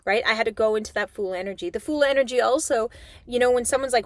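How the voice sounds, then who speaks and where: Animated chatty woman reading tarot. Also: on the high side, quick pace, dry recording. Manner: animated, chatty, swears casually. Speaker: tarot reader. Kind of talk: spiritual talk to viewers.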